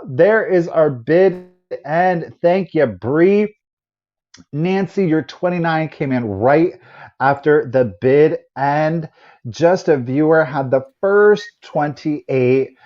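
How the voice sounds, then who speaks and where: A man co-hosting a live online sale, counting down and calling out bids in a steady, matter-of-fact way. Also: a little high, takes it slowly, lo-fi sound. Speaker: live auction co-host.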